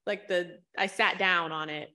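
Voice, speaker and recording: A woman's voice: fairly low pitch, steady tone, unhurried, bright, forceful tone. A woman co-hosting a movie podcast, telling blunt, profane, joking stories. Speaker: podcast co-host. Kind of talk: casual chat.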